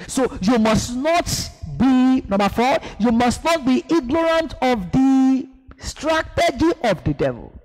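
A preacher with a high, swooping voice that rises and falls dramatically. He delivers an emphatic sermon with call-and-response and acted-out scenes, and the sound carries a long hall echo. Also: very animated, takes it slowly, darkish tone. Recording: echoey hall.

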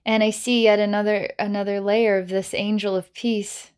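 A woman psychic healer talks through a guided energy-healing session at a medium pitch. Her manner is playful and giggly, loose and full of filler words. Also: level tone, normal speed, a little mellow, clear, resonant tone.

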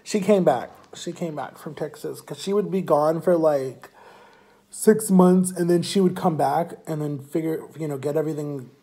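A young man telling a personal story to camera in a casual, animated way, acting out the people he quotes. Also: fairly high pitch, normal speed. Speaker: vlogger.

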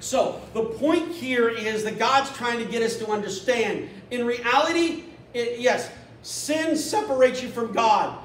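A man preaching a sermon as pastor, animated, acting out a scripture story in quick little voices. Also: very high-pitched, a little hiss or hum. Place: church. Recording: echoey church room from a distance.

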